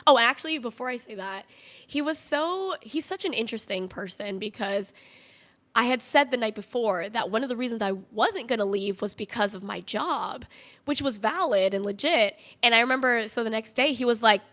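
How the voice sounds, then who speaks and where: A woman's voice: on the high side, expressive, moderate pace, a bit bright. A young woman, a podcast guest, telling a candid personal story in a conversational way, full of "like" fillers.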